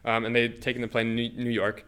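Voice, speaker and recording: A man's voice: mid-range voice, completely flat delivery, fast talker, a bit bright, smooth. A man co-hosting a podcast, telling eerie stories in a rambling, casual way and laughing easily. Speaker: podcast co-host. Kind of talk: casual storytelling chat.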